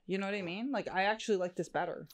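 A woman's voice: mid-range voice, very fast. Chatty woman with a frank, swearing manner. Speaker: podcast co-host. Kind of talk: casual chat.

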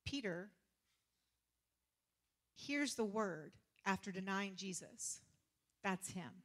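A woman preacher, giving a lively sermon full of laughter, casual slang and sarcastic humor. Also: medium pitch, slow.

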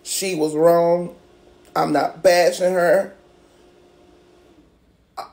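A man's voice: on the high side, level tone, very slow, gravelly, long pauses, a little mellow. A man in an emotional rant to camera, upset and tearful, pleading with viewers and repeating himself. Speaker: vlogger.

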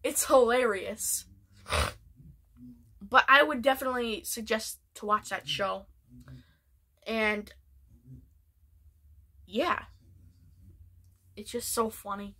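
A woman vlogger chatting about her favorite shows in an excitable, rambling way. Her voice is bright and a little high, with lots of fillers and restarts. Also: slow, long pauses. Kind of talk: casual show ranking.

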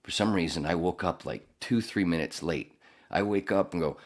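Man, very deep voice, rambling, profane, casual podcast storytelling, voiceover artist. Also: quick pace. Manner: rambling, profane, animated when mimicking. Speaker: podcast host telling a story.

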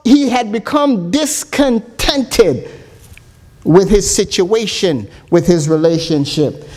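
A man's voice: high-pitched, a little mellow. A man preaching a sermon as a church elder, earnest and reasoning aloud.

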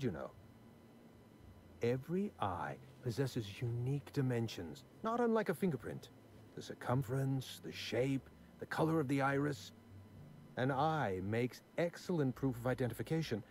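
A man's voice: medium pitch, very animated, normal speed, darkish tone, slight background noise, natural voice. An actor playing a prim, numbers-obsessed aristocratic man in video game dialogue, fussy and condescending with precise diction. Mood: dry.

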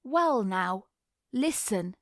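A woman's voice: mid-range voice, dry recording, studio quality, lightly acted. Woman reading as a smug drawling boy. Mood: taunting. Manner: slow drawl.

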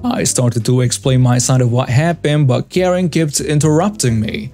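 A man reading out a story in a steady, scripted narration, barely changing his voice for the quoted parts. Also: mid-range voice, moderate pace, hardly any pauses. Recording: faint music behind the voice.

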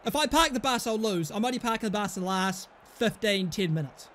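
A young man, commentating on his own football management game in an excitable, sweary way. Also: sits high, brisk, slight background noise. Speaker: gaming YouTuber.

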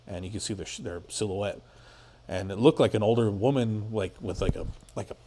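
A man's voice: fairly low pitch, brisk, warm tone, slight background noise. A man guesting on a podcast, telling a story in a rambling, casual way full of filler words and swearing.

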